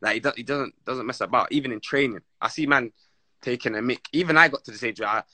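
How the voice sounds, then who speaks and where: A man's voice: mid-range voice, quick pace, no echo. A man with a London accent telling football stories in casual, slang-heavy, rambling chat as an interview guest. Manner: slang-heavy, rambling and animated, many restarts.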